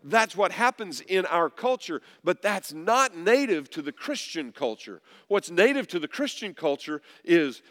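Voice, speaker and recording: A pastor preaching a sermon, dropping low and soft at times, then rising loud to press a point. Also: male voice, very animated, a little slow, hardly any pauses. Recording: long reverb of a large hall.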